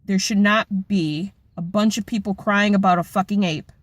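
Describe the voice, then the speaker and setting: A woman's voice: medium pitch, fairly even intonation, normal speed. An impassioned young woman vlogging at home, talking straight to her camera with blunt, profanity-laden intensity. The sound is dry and close, with no room echo. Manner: impassioned, blunt, heavy swearing. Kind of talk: emotional personal vlog rant.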